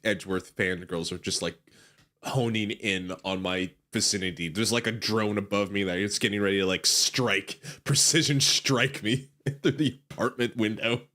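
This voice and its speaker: A man reading a game's text aloud during a playthrough, quick and joking, often laughing at his own asides. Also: lowish voice, sharp tone. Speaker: gameplay narrator. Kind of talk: game playthrough with read-aloud dialogue and jokes.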